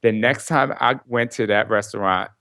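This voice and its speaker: A man guesting on a podcast, telling stories in a lively way and laughing often. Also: lowish voice, moderate pace, no echo, studio quality. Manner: animated storyteller, laughs often. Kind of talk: casual interview chat.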